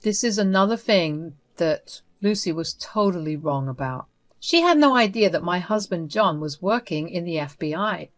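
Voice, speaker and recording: A woman narrating a first-person story in an even, steady reading voice. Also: on the low side, normal speed.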